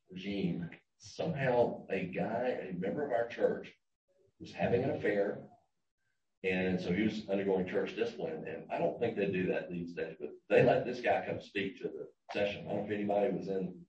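A man's voice: fairly low pitch, darkish tone. A man giving a conversational church lesson, often restarting and repeating words. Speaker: church teacher. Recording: roomy, distant, dull room recording.

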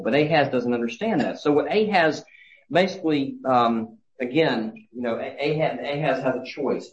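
Earnest male preacher, dull recording. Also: mid-range voice. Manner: earnest, halting with frequent restarts. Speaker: pastor. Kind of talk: sermon.

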